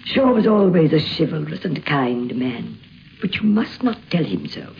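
A woman reading a memoir aloud in a soft, calm way, in a dull lo-fi recording. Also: sits low, measured pace, vocal fry, a little hiss or hum. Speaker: narrator.

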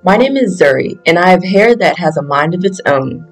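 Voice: mid-range voice, expressive, moderate pace, poor audio. Plain-voiced storybook reader over faint music. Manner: plain first-person storybook reading. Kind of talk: reading a picture book aloud.

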